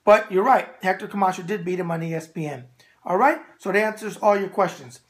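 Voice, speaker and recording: A man hosting a boxing video mailbag, brash and animated, repeating a catchphrase. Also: high-pitched, fairly quick. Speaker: boxing show host answering viewer mail. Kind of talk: casual solo video mailbag.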